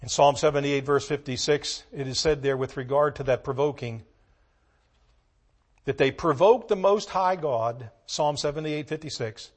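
A man preaching a sermon, reading scripture slowly and swinging between hushed asides and loud emphatic lines. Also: a little high. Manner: reads scripture in slow, measured tones.

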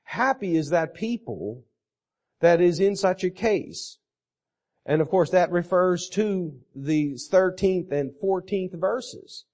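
Slow, deliberate preacher, man. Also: high-pitched, expressive, a little mellow. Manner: slow and deliberate, repeating scripture phrases for emphasis. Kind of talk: sermon.

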